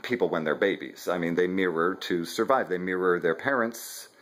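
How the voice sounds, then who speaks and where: A man's voice: sits low, normal speed, fairly bright tone. A man hosting a casual discussion, talking in a conversational, joking and explanatory way. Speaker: host.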